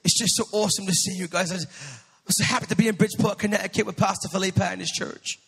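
A man's voice: sits high, fairly even intonation, fast, gravelly, a bit bright, breathy edge, in a large hall, exaggerated voice. A man doing a cheery British-accented pastor. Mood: cheerful. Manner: upbeat, friendly greeting.

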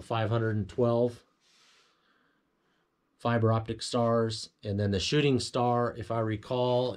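Man, lowish voice, casual walkthrough, relaxed explainer, correcting himself now and then. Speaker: home theater installer. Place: home theater room, indoors.

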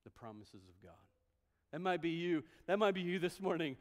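A man's voice: high-pitched, animated, brisk, fairly bright tone. A man preaching a sermon as a pastor, in a conversational style, acting out the voices of the people he quotes. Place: church sanctuary. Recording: long hall reverb.

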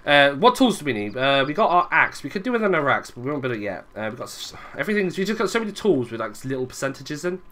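A man's voice: medium pitch, sing-song, quick pace, hardly any pauses, a bit bright. A young man giving chatty let's play commentary, muttering asides to his viewers as he plays. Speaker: gaming video creator.

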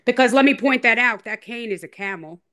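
A woman's voice: on the high side, expressive, brisk, a bit bright. A woman interview guest in a casual chat, rambling, repeating herself and teasing in a playful way. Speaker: interview guest telling her story.

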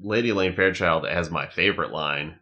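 A man's voice: sits low, a little fast, pushed and bright, muffled recording. A man co-hosting a podcast, chatting casually and rambling through jokey recaps. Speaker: podcast co-host. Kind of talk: casual comedic chat.

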